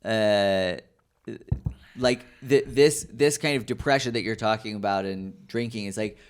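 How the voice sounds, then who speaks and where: A man hosting a casual podcast, asking questions in a halting way with many restarts. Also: lowish voice. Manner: hesitant, many fillers and restarts. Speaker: podcast host.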